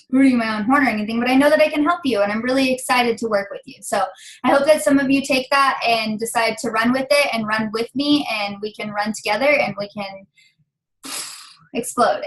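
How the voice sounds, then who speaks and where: A woman's voice: on the high side, fairly bright tone, rough recording. A young woman leading a team call, emotional and close to tears, rambling with many fillers as she encourages her team. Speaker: team leader. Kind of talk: team call pep talk.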